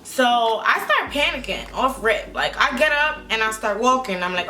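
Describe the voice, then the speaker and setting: A woman's voice: a little high, moderate pace, faint music behind. A young woman vlogger, telling a storytime in a rambling, casual way full of fillers. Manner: rambling, filler-heavy, animated retelling.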